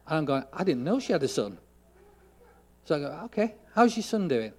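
A man preaching a sermon, telling a story and acting out the dialogue, getting loud for emphasis. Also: fairly high pitch, sing-song, normal speed, pauses often.

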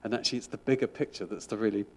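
A man's voice: fairly low pitch, rapid-fire, darkish tone. A middle-aged man, a school chaplain, giving an informal sermon in a chatty, rambling way with frequent restarts.

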